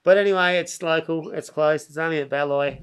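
A man's voice: a little high, brisk, clear, resonant tone. An Australian man chats as a podcast guest, spinning a long yarn in a loose, rambling way full of slang. He keeps stopping and restarting his sentences and slips into other people's voices to act out what they said. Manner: animated, acts out other people's lines. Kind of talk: casual storytelling chat.

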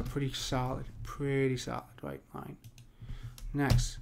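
A man teaching a poetry lesson in a casual, step-by-step way, often checking in with "right?" and slowing down to read verse lines. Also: mid-range voice, little pitch movement, vocal fry, background noise. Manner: talks through steps with frequent "right?" and fillers; reads verse lines slowly and deliberately.

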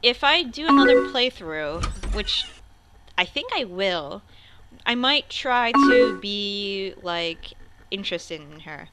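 A woman's voice: mid-range voice, sing-song, slow pace, low-quality recording. A young woman hosting a let's play, chatting and thinking aloud while she types her replies in the game. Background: game music and keyboard typing.

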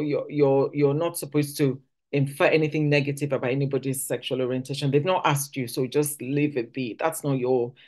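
Giving a conversational teaching talk at a church service, this woman from Nigeria often restarts sentences and acts out quotations. Her voice is low-set and a little mellow.

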